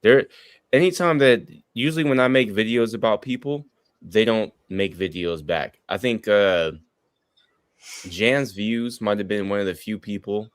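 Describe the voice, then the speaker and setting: Low-voiced guy joking around on a stream call, dry close sound. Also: unhurried, smooth, dry recording. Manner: joking, blunt, profane banter. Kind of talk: casual group chat on a livestream.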